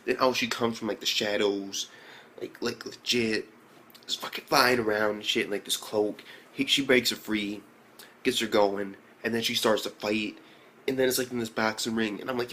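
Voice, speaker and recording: A young man giving a casual, profane, excitable recap of an anime episode, often breaking into high exclamations. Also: moderate pace, a little hiss or hum. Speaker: anime reviewer.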